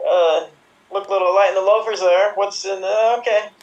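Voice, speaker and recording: A man's voice: high voice, fairly even intonation, normal speed, lo-fi sound, lightly acted. A man putting on the voice of a vain, bubbly blonde woman in an improv film remake, preening and sing-song. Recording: voice from a distant mic.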